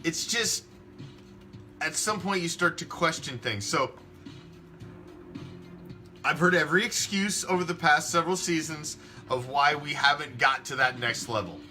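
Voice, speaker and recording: A man's voice: fairly high pitch, measured pace, pauses often, bright, forceful tone, faint music behind. A man hosting a fan sports show, ranting emphatically and swearing a lot. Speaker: fan podcast host. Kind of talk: opinionated sports talk rant.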